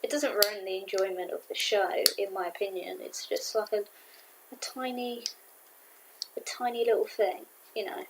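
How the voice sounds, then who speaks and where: A woman casually reviewing a cartoon episode to camera, rambling and excitable with many fillers. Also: medium pitch, normal speed, noisy background. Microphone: camera mic.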